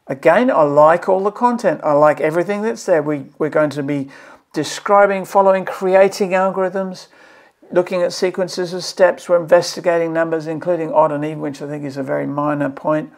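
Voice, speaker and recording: A man's voice: fairly high pitch, fairly even intonation, moderate pace. A man from Australia, a maths educator presenting a video series, giving earnest, exasperated commentary and pleading with repeated phrases. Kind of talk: impassioned commentary to camera.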